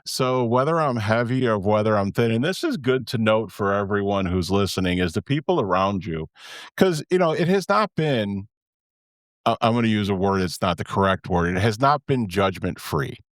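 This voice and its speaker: A man's voice: lowish voice, expressive, normal speed, no room sound, clean studio sound. Candid, rambling man in his fifties. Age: 50s. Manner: candid, rambling, self-interrupting. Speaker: podcast host. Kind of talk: casual podcast chat.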